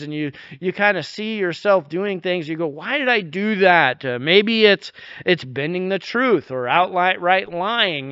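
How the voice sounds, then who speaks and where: A man preaching a sermon in a conversational way, often restarting phrases and dropping to a soft, intense hush. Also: high voice, clear, resonant tone, no echo, lo-fi sound. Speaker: pastor.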